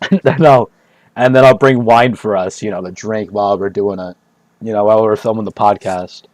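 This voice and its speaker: A man's voice: lowish voice, fairly even intonation, moderate pace, long pauses, darkish tone, dry recording. A man streaming and chatting casually, rambling and joking, repeating himself, swearing and breaking into laughs. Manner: profane.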